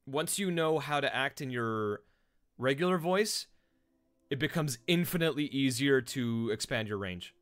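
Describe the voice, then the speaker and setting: A man of middling pitch chats loosely with his stream viewers about his voice-acting work. He rambles and restarts, with an easy, self-mocking tone. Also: animated, normal speed, fairly bright tone. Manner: rambling, self-deprecating, many fillers and restarts. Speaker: streamer and voice actor. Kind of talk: casual stream chat answering viewers.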